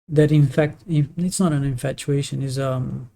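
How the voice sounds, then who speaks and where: A native Portuguese speaker streaming live, chatting casually while gaming in a halting, opinionated way with many restarts. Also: medium pitch, steady tone, vocal fry, dark tone.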